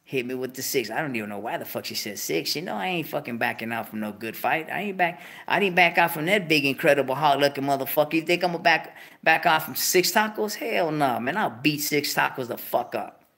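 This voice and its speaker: A man hosting his own show, ranting casually to viewers in street slang, cursing heavily, with animated outbursts. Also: on the high side, a little fast, vocal fry. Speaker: show host. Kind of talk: casual profane rant to viewers.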